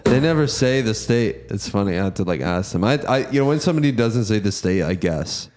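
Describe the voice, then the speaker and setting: A man's voice: on the low side, animated, brisk, darkish tone. A man on a comedy podcast, telling rambling stories full of acted-out quotes in casual chat.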